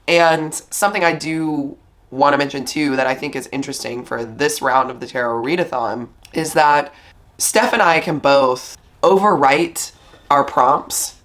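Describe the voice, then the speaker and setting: A woman book vlogger with a slightly husky morning voice, chatting casually and upbeat about her reading plans. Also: extremely low pitch, fairly bright tone. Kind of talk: casual chat.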